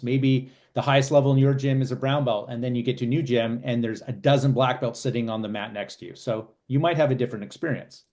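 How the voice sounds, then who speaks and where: A man's voice: mid-range voice, darkish tone. A man with a mid-range voice goes through advice point by point in an easy, conversational way. He speaks as a co-host recapping for listeners. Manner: listens with short backchannels, then sums up in lists. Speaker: podcast co-host. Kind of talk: casual chat, summing up advice.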